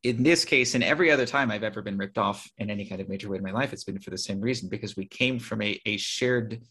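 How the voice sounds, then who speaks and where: A man's voice: on the low side, fast, bright, forceful tone, breathy edge. An American man, a podcast guest, telling a story frankly and animatedly, acting out what other people said. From United States. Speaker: podcast guest, author and publisher. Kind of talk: casual interview talk.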